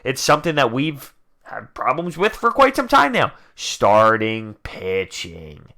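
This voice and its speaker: A man ranting as host of a fan reaction video, frustrated, dropping into low grumbles and then breaking into loud outbursts. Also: wildly swooping pitch, a little slow. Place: indoors, talking to camera.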